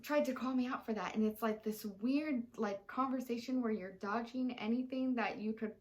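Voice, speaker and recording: A woman's voice: fairly high pitch, moderate pace, low-quality recording. A young woman in casual chat, a chatty storyteller with many fillers. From Texas. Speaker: co-host.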